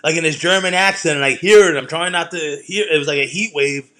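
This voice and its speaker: A man's voice: a little high, fast talker, bright, forceful tone. A man, a comedian and host, talking in a loose, rambling monologue full of swearing and self-deprecating jokes. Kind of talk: casual monologue.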